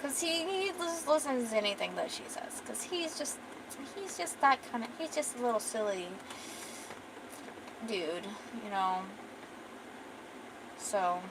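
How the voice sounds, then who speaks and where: A woman's voice: medium pitch, animated, measured pace, vocal fry, long pauses, noisy background. A young woman streamer chatting casually and rambling with swearing while she draws. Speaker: art streamer. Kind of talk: casual chat.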